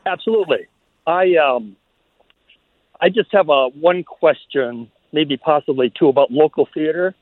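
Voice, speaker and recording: A man with a fairly high voice calls in to a radio show from Minnesota over a thin, tinny phone line. He is walking outside as he talks, and he speaks in a chatty, eager way. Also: a little slow, dry recording. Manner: chatty and enthusiastic. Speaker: radio caller.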